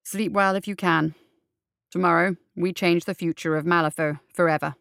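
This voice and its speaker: A woman reading a storybook voicing a scheming male minister with a low, measured, threatening delivery. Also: steady tone, vocal fry, a bit bright, clean tone, dry recording, studio quality. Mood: menacing.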